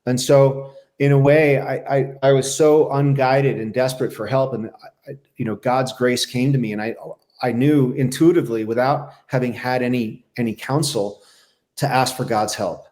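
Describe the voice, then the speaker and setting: A man's voice: mid-range voice, steady tone, darkish tone. Reflective man telling his recovery story. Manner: reflective, halting, with many restarts. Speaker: podcast guest, former Navy SEAL. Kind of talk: candid personal storytelling.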